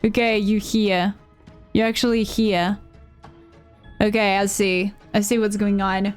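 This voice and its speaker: A woman's voice: medium pitch, flat delivery, measured pace, smooth, faint music behind. A woman streamer talking to herself through a game, repeating words and getting frantic under pressure. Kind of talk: live gameplay commentary.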